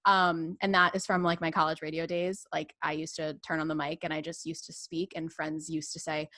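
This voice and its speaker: A woman from radio chatting as a podcast guest, her voice a little low for a woman. She talks loosely and fills her sentences with "like" and "you know." The recording is dry and close. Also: level tone, brisk, few pauses, bright, forceful tone, no echo. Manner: chatty, filler-heavy, lots of "like". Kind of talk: casual chat.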